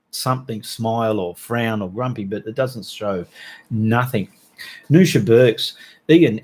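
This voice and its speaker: A man's voice: medium pitch, darkish tone, slightly rough. A middle-aged Australian man hosting a live stream, reading out viewers' chat messages in a chatty, joking way full of Aussie slang.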